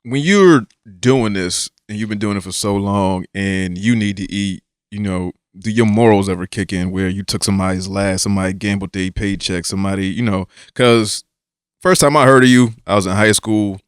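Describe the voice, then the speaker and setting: A laid-back man hosts a podcast interview in a somewhat low voice. He asks long, casual questions and often murmurs agreement. The sound is dry and close. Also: normal speed, smooth, dry recording. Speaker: podcast host.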